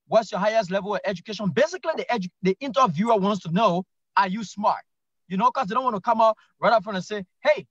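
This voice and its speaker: A Liberian man with a strikingly high voice makes his case on a talk show, emphatic and repetitive, stumbling through restarts. The sound is dry and dull, a touch lo-fi. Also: a bit bright, no echo. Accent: Liberian English. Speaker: guest commentator. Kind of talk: political talk show commentary.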